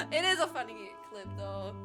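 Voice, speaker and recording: A woman's voice: fairly high pitch, sing-song, unhurried, music in the background. A young woman from Germany, chatting casually with viewers on a live stream, giggling often and rambling playfully.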